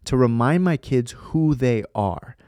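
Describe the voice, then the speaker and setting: A man's voice: mid-range voice, lively intonation, measured pace, dark tone, no echo, clean studio sound. A man in his thirties hosting a faith podcast, talking earnestly and rambling with fillers and restarts. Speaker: podcast host. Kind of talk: casual faith podcast talk.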